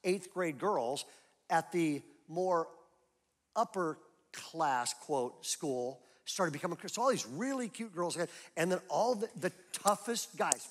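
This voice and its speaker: A middle-aged male pastor preaching in a church, his voice sitting high for a man. He tells stories in a loose, conversational way, then climbs into loud, emphatic peaks. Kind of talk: sermon. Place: church auditorium.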